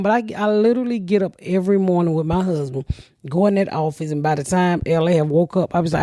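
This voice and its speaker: Woman, middle-aged, comedy podcast host, loud and profane, acts out quotes, dry close sound. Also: fairly low pitch, fast, no echo. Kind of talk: casual podcast chat.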